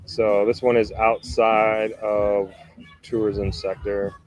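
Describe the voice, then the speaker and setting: A man with a low, fairly flat voice hosts a live stream from outdoors near a beach. He reads news articles aloud and keeps breaking off for relaxed, chatty asides to his viewers. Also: slow pace, rough recording.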